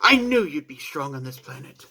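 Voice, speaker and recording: A man's voice: a little high, sing-song, moderate pace, bright, forceful tone, exaggerated voice. A man voicing a proud, arrogant male alien warrior who taunts and boasts in a raised, theatrical voice. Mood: boastful.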